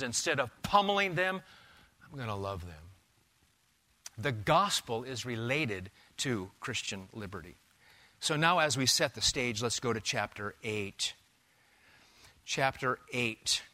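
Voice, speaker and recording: A man preaching a sermon in a church, asking rhetorical questions and swinging between loud emphasis and quiet asides. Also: on the high side. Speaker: pastor. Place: church sanctuary.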